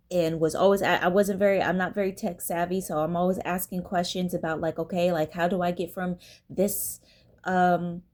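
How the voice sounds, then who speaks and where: A young woman telling a story in a casual vlog, animated and swearing freely, with lots of fillers, acting out the people she quotes. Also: mid-range voice. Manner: many fillers like "like". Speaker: vlogger.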